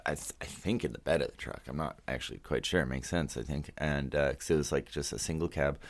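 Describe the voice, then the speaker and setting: A man's voice: a bass voice, steady tone, quick pace. A man from Canada, a podcast guest telling a story casually, rambling and swearing freely with many restarts.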